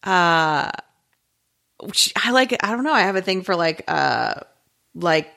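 A woman's voice: on the low side, expressive, a little slow, creaky, pushed and bright. A woman co-hosting a podcast in casual chat, rambling with lots of filler words and trailing thoughts. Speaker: podcast co-host.

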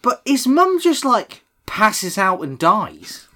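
A man's voice: sits high, wildly swooping pitch, slow pace, bright, forceful tone. A man, casually recapping a horror film with a co-host, laughing often and swearing. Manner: laughs often, swears, acts out quoted lines. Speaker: podcast co-host.

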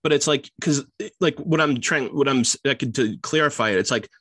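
A man's voice: mid-range voice, brisk, fairly bright tone, breathy edge, no echo. A man co-hosting a casual chat, rambling with many fillers and restarts. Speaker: podcast co-host.

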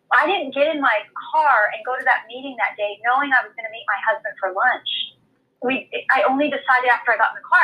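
A woman earnestly telling a personal faith story in a lively, heartfelt way. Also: fairly high pitch, dull audio. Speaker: guest storyteller. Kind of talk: faith testimony.

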